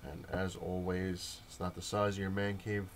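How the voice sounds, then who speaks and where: A man's voice: sits low, level tone, moderate pace, slight background noise. A young man rambling through a casual comic-collecting update, full of fillers and quoted exchanges. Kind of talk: casual update rant to camera.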